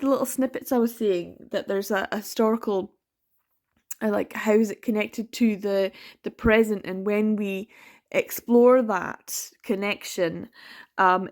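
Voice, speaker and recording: A young woman from the Isle of Lewis with a Scottish Western Isles accent, chatting casually and reflectively in a reading vlog, often trailing off and restarting. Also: a little high. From Isle of Lewis, Scotland. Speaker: book vlogger.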